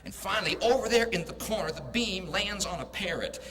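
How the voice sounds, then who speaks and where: A man's voice: high-pitched, expressive, brisk, fairly bright tone. A man giving a graduation ceremony address in an emphatic, preacher-like cadence and telling a story, speaking into a podium mic over a PA in a large hall. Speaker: commencement speaker. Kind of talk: preachy ceremony speech with a joke.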